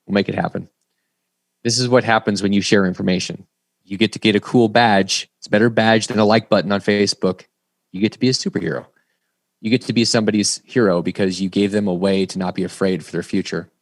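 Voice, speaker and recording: A middle-aged man gives a motivational business talk to a group, telling stories and acting out the quoted dialogue within them. His voice is fairly low, gravelly and steady, and he speaks quickly in a dry recording.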